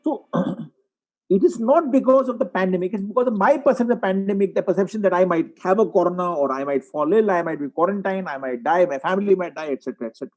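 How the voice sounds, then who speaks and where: Throat-clearing man lecturing. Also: high-pitched, fast, a little mellow, poor audio. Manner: explains with case examples, frequent throat clearing. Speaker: psychiatrist lecturing. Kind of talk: webinar lecture. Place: online webinar.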